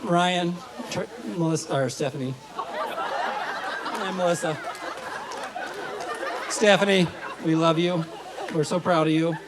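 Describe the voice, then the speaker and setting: A man giving a folksy, halting wedding toast at a reception, telling a joke with many fillers. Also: a little high, fairly even intonation, a crowd in the background, noisy background. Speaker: wedding toast speaker, family of the bride.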